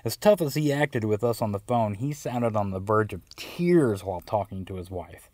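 A man's voice: on the low side, expressive, moderate pace, darkish tone, no echo. Dry-voiced man telling a story. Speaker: narrator. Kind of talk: first-person storytelling reading.

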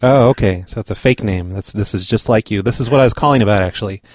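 A man making a prank phone call, pushy, rude and deadpan. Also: fairly low pitch, quick pace, dry recording, studio quality. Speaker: prank caller.

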